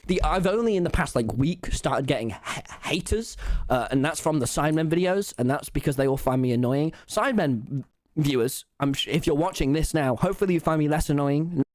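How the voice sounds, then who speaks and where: A teenage boy telling an animated, rambling story to an audience, swearing freely and restarting his sentences. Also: on the high side, brisk, no echo. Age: teens. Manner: excitable, rambling, swears a lot, frequent restarts. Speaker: streamer.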